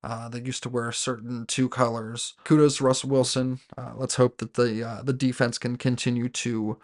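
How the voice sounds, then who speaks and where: Flat-toned man recapping a game. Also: medium pitch, moderate pace. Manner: rambling, with frequent fillers and self-corrections; fan talking about his team as "we". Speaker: sports podcast host. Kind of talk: casual solo game recap.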